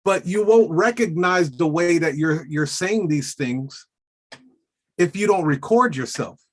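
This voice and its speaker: A man hosting a casual coaching chat, speaking in a slow, deliberate and emphatic way. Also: fairly high pitch, expressive. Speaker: podcast host coaching notaries.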